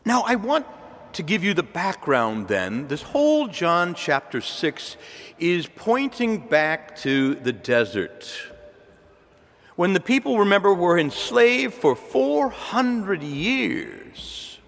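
A man's voice: high voice, very animated, slow pace, gravelly, fairly bright tone, in a large hall. A man preaching a homily as a priest, emphatic, repeating key words and adding rhetorical asides. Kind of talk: sermon.

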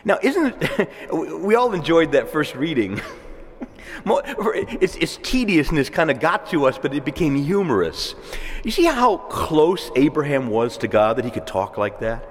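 A male priest giving a sermon in a conversational way, with asides and soft laughs. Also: a little high, big pitch swings, a little slow. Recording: long reverb of a church hall.

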